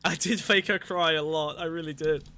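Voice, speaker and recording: A man's voice: on the high side, steady tone, moderate pace, bright, forceful tone. A man co-hosting a podcast, telling a story in rambling, profane casual chat and laughing often. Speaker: podcast co-host.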